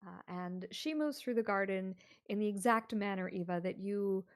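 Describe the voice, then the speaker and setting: A woman running a tabletop game as game master, narrating in a relaxed, hesitant way. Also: medium pitch, moderate pace, smooth.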